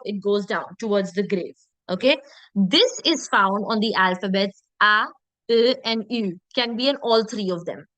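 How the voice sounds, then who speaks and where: A woman teaching French pronunciation in an online lesson, repeating sounds slowly and checking in with her class. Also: fairly high pitch, a bit bright, no room sound, poor audio.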